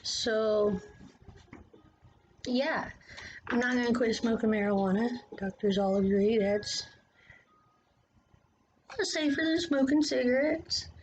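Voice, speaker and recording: A woman's voice: a little high, slow, pauses often, a little mellow, slight background noise, poor audio. A woman vlogging a casual, rambling opinion monologue, plain-spoken and drifting from topic to topic.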